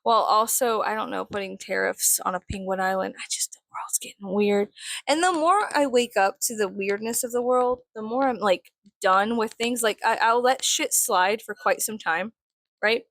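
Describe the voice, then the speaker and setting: Female vlogger, gravelly fry, dry close sound, loose profane get-ready-with-me chatter. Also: a little high, moderate pace, no echo. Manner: rambling, profane, drifting into soft whispers. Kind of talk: casual rambling chat while doing makeup.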